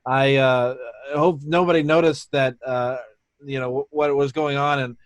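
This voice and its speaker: A man playing a tabletop game, relaxed and easygoing, describing his character's actions. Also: mid-range voice, measured pace, no echo. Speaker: player.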